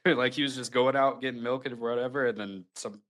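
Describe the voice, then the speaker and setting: A podcast co-host, a man, jokes around in a laid-back, casual way. His voice sits at a middle pitch. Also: steady tone, fairly quick, a bit bright. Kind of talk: casual chat.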